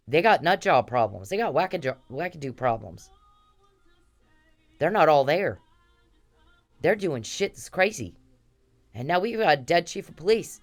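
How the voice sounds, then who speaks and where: A woman's voice: deep voice, expressive, normal speed, long pauses, soft background music. An angry woman speaking straight into the camera, confronting someone she wants out of her life. Her talk is blunt and profane, and she drives her points home by repeating phrases again and again. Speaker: vlogger. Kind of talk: angry direct-to-camera rant.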